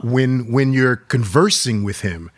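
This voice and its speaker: A man chatting on a podcast with laid-back slang and quick banter. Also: medium pitch. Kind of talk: casual chat.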